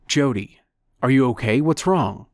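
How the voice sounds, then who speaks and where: A man voicing a hoarse, sleepy man woken in the night, impatient, in an audiobook. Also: medium pitch, expressive, unhurried, no room sound, clean studio sound, close to an everyday voice. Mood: worried.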